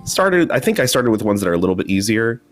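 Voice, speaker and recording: A man hosting a casual online chat over a video call, chatty and quick to laugh, often restarting his sentences. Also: fairly low pitch, sing-song, faint music behind. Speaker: host.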